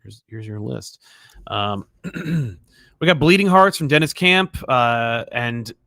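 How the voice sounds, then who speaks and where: A man's voice: medium pitch, expressive, takes it slowly, sharp tone, dry recording, studio quality. A man co-hosting a casual chat show, easygoing and agreeable, reading out viewer questions. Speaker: co-host.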